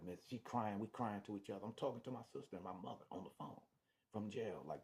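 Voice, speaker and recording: Deep-voiced man, casual storyteller, repeats himself and acts out the other voices. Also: quick pace. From Detroit. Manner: animated, acts out voices, restarts and repeats words. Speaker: storyteller sharing his testimony.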